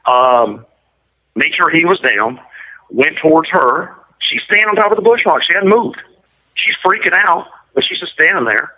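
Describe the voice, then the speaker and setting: A man's voice: fairly high pitch, lively intonation, moderate pace, bright, forceful tone. A man giving an interview and telling a story in a blunt, matter-of-fact, detailed way. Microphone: prison phone line. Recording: muffled lo-fi line.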